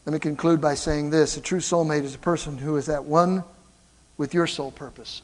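An older man preaching a sermon, telling stories in an animated way and calling out to the congregation. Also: fairly high pitch, moderate pace, big-room sound. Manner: animated storytelling, calls out to the congregation. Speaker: pastor. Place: church.

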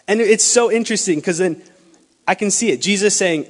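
A young man delivers a sermon with a high-pitched voice, animated and acting out little dialogues. His words ring with a long reverb in a church hall. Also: a little fast. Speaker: preacher.

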